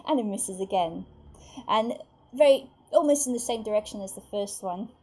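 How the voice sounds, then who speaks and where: A woman narrating a tabletop game as game master, lively and full of restarts. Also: mid-range voice, unhurried, breathy edge. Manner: lively, with many fillers and restarts.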